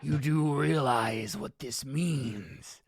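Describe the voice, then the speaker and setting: A player voicing a creepy old male camp groundskeeper in a tabletop role-play, in a slow, menacing drawl. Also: mid-range voice, husky, full character voice.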